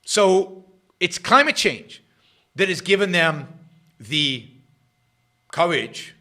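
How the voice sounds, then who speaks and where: A middle-aged man hosting his own show, giving sarcastic political commentary that swings between loud jabs and muttered asides. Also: fairly high pitch. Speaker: podcast host.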